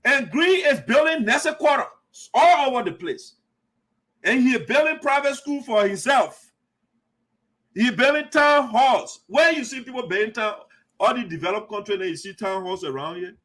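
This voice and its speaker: A man's voice: high-pitched, fairly bright tone. A man hosting an online radio show, giving heated, repetitive political commentary and calling the listener "my brother.". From Liberia.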